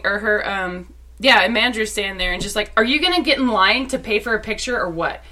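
A young woman co-hosting a casual chat, telling stories with excitement and acting out what others said. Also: on the high side, a little fast. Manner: excited storyteller acting out quotes. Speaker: podcast co-host.

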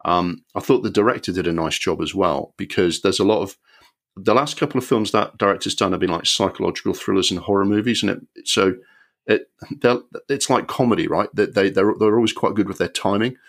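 A man's voice: low-pitched, fairly quick. A man co-hosting a podcast, giving opinionated film reviews in casual chat with frequent restarts. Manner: opinionated, rambling with many restarts. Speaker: podcast co-host.

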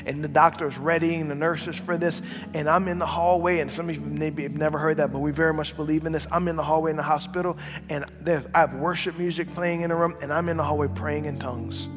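A man in his thirties, a pastor giving a personal testimony in a sermon, telling it earnestly and dropping to a soft, quiet voice at tender moments. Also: a little high, fairly even intonation, quick pace. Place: church sanctuary. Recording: large hall with long reverb and music behind.

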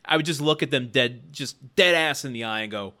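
A man's voice: medium pitch, brisk, pushed and bright. A man co-hosting a podcast, talking through a film in wry, incredulous casual chat. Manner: wry, incredulous, laughs often. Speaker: podcast co-host reviewing a film.

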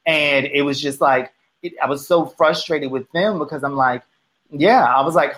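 A woman's voice: sits low, normal speed, poor audio. A woman in casual conversation who speaks reflectively, often restarting her sentences.

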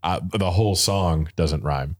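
A man's voice: low voice, a little slow. A man talking casually and enthusiastically about music, rambling with lots of fillers and restarts.

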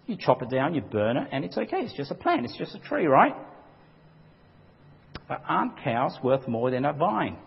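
A man's voice: on the high side, sing-song, moderate pace, creaky, long pauses, breathy edge. A man preaching an emphatic sermon, acting out quotes dramatically as a pastor. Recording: dull lo-fi recording with long hall reverb.

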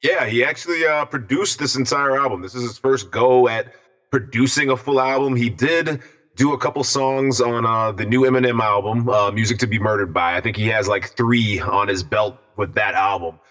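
A man's voice: mid-range voice, steady tone, normal speed, a bit bright. A man co-hosting a podcast, talking in a laid-back, enthusiastic way. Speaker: podcast co-host. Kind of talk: casual podcast chat. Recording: dull lo-fi sound.

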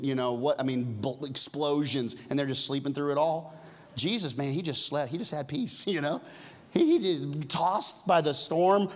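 A man preaching a sermon, swinging from loud, high emphasis down to soft, hushed near-whispers. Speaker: pastor.

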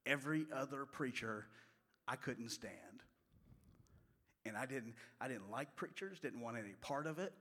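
A man preaching a sermon, telling stories in a folksy way and moving from loud passages to hushed ones. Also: medium pitch, lively intonation, normal speed, pauses often. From West Virginia. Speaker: pastor. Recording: long hall reverb.

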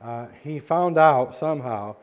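A male pastor preaching a sermon in a church, earnest and halting, with frequent restarts. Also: mid-range voice, muffled recording. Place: church sanctuary.

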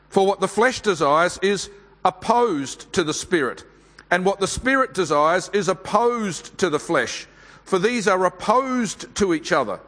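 A man preaching a sermon at a church service, speaking in a measured, unhurried way with pauses and fillers. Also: high voice, a bit bright, big-room sound.

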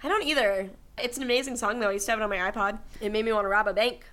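Speaking rapid-fire in a mid-range voice, a young woman on a podcast raves about a film from her childhood. She's animated and gushing as a co-host, now and then bursting into bits of song.

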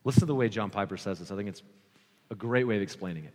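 A man preaching a sermon as pastor, earnest and emphatic, slowing down to repeat his key points. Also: fairly low pitch, a little mellow, long reverb tail.

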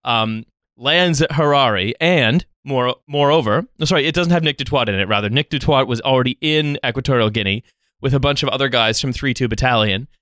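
A man hosting a podcast, telling a story in a casual, comedic way, laughing often and pausing with fillers. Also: mid-range voice, bright, forceful tone, no echo, clean studio sound.

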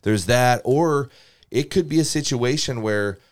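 A man as a podcast guest, telling stories from his pitching days in an animated way and acting out what coaches said, with frequent restarts. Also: measured pace. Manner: animated, acts out coaches' lines, many restarts. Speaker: guest, former pro pitcher. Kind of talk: storytelling in casual conversation.

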